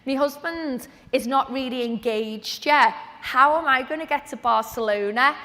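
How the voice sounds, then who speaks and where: A woman, giving a lively, chatty motivational talk on stage at a business event. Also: sits high, moderate pace. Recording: long reverb of a large hall.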